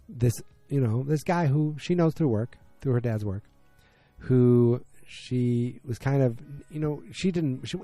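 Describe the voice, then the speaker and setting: Man, podcast host, low mellow voice, rambling recap, home basement, faint music behind. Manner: rambling, many fillers and restarts. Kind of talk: casual episode recap.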